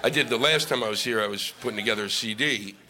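A man's voice: lowish voice, fast talker, pushed and bright, slight background noise. A middle-aged male stand-up comic on stage, ranting in a sarcastic, profane way. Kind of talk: stand-up comedy set. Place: comedy stage before a live audience.

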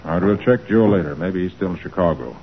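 A brisk detective. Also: male voice, low-pitched, lively intonation, breathy edge, muffled recording. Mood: focused. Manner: brisk, businesslike. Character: calm methodical male detective. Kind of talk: 1940s radio acting. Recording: scratchy old radio broadcast with faint hiss.

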